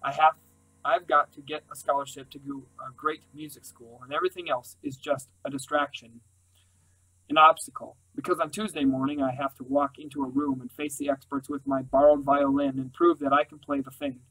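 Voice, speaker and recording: A man reading a first-person novel aloud in an earnest, steady way. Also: medium pitch, fairly quick, rough recording. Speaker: audiobook reader. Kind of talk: scripted narration.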